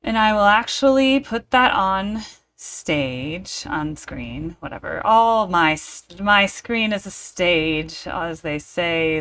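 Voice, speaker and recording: A woman's voice: fairly low pitch, expressive, slow, fairly bright tone, clean tone. A woman hosting her own reaction video, talking casually to camera with playful, theatrical asides.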